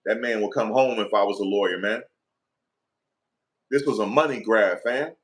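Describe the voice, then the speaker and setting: Middle-aged new guy ranting hard, emphatic and profane, kinda low voice. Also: normal speed. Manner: emphatic, profane, repetitive, animated rant. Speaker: commentator. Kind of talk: heated opinion commentary.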